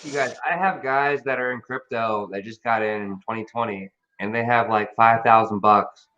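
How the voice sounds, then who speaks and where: A man talking casually on a live stream, animated, emphatic and full of swearing. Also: medium pitch, normal speed. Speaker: crypto stream host. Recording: dull lo-fi stream audio.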